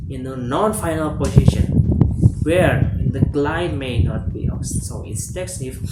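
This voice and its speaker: A student works slowly through prepared notes, stopping often with fillers and corrections along the way. The voice sits in a roomy, echoing space, and clear music plays underneath. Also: medium pitch. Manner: halting, hesitant reading with fillers and self-corrections. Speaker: student presenting an assignment. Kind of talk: reading lecture notes aloud.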